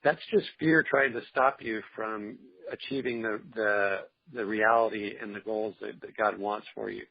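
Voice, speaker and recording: Man, interview guest, husky, earnest, encouraging, lo-fi sound. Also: lowish voice, fairly even intonation, moderate pace, no echo. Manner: earnest, encouraging, faith-driven. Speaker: interview guest, film producer. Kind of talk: casual interview talk. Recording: dull, lo-fi remote audio.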